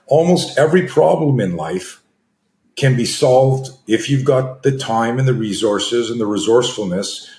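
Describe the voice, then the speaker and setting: A man's voice: lowish voice, darkish tone. A middle-aged man, a self-defense coach, answering interview questions in a loose storytelling way with frequent fillers and restarts. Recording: echoey room.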